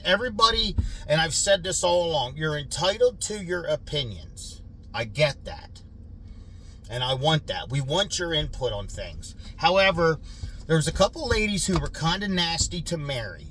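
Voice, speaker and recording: A man's voice: on the high side, sharp tone, a little hiss or hum. A middle-aged man vlogging from his farm outdoors on a handheld phone, talking earnestly and defensively to his viewers with plenty of fillers. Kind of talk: casual vlog talk to viewers.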